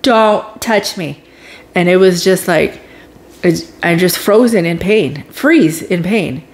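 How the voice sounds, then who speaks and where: A woman vlogger telling a personal story in a casual, animated way, dropping to whispers at tense moments. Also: lowish voice, takes it slowly. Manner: animated, dramatic retelling with whispered asides.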